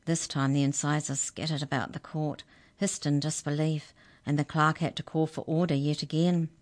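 A woman reading a children's story aloud as a storyteller, with clear, expressive narration. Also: sits low, normal speed.

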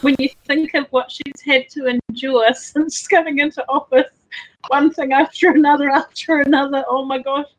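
A woman's voice: high-pitched, fairly even intonation, normal speed, poor audio. A woman chatting in an enthusiastic, gushing way. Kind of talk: casual chat.

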